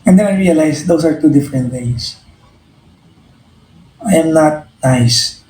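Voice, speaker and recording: A man with a Filipino accent talks earnestly and reflectively to his live-stream viewers, circling back and restarting his phrases as he thinks. His voice sits a little high and mellow. The sound carries a roomy echo. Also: unhurried.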